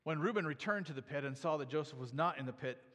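A man's voice: a little high, fast, fairly bright tone. A man preaching a sermon, reading scripture aloud and then explaining it in a conversational way, often asking "right?". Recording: long hall reverb.

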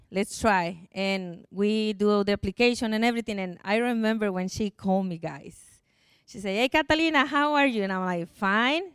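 A woman's voice: mid-range voice, clear, resonant tone, dry recording, clean studio sound. A middle-aged woman from Mexico with a Mexican accent, giving an earnest, emotional personal testimony to a church congregation in non-native English. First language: Spanish.

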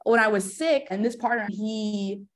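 A woman appearing as a guest coach on a casual podcast, animated and acting out emotions as she explains. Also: mid-range voice, normal speed. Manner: animated, acts out emotions in quotes.

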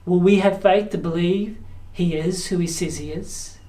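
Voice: mid-range voice, fairly even intonation, moderate pace, warm tone. A pastor preaching a sermon in an earnest, direct way, often putting challenging questions to the congregation.

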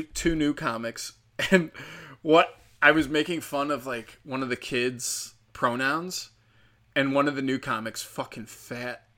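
A man's voice: on the high side, pushed and bright. A young man who does stand-up, telling stories in a blunt, profane, mocking way, full of "like" and "um.". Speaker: stand-up comic. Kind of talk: casual storytelling rant.

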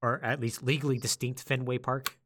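A man co-hosting a podcast, retelling a game's story in a loose, animated way and acting out the lines of its characters. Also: medium pitch, fairly quick. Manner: animated storytelling, acts out quotes. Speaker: podcast co-host. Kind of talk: casual podcast chat.

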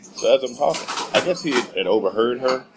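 A middle-aged man from Texas telling a story as a radio guest, animated and laughing often. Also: mid-range voice, fast talker, background noise. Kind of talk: casual storytelling.

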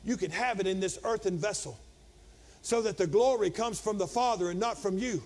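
Male pastor, strikingly high voice, sermon delivery ranging from shouting to hushed storytelling. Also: fairly quick. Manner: preaching with swings from loud shouting to quiet low storytelling.

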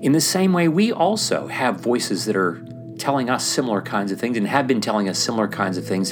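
A man talking about faith in a casual, animated way, often acting out the voices he quotes and using fillers like "like". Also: mid-range voice, fairly quick, music in the background. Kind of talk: casual sermon-style chat.

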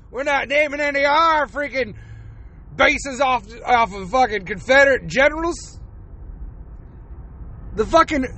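High, bright-voiced man ranting. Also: moderate pace, long pauses. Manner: profane, laughs between rants. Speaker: podcast host. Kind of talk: casual ranting monologue.

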